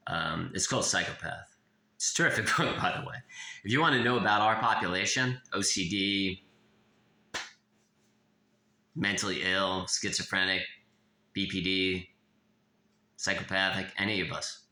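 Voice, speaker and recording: A man with a very low, gravelly voice delivers a confessional monologue, blunt and profane, full of halting restarts. His tone is hard and sharply forceful. The sound bounces around an echoey room. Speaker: author of a self-help memoir.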